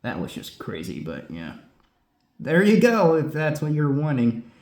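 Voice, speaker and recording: Guy host answering viewer questions, bouncy pitch, kinda echoey room. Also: a little slow. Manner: lively, rambling, many asides. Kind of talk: casual chat. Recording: roomy echo.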